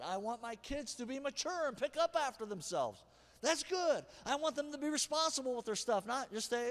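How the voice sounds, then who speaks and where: A high-pitched, animated male pastor delivering a sermon, dropping to near-whispers and then shouting his key lines. His voice carries a long hall reverb, as if preached in a large sanctuary. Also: fairly quick. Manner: animated, swings from hushed asides to shouted punchlines.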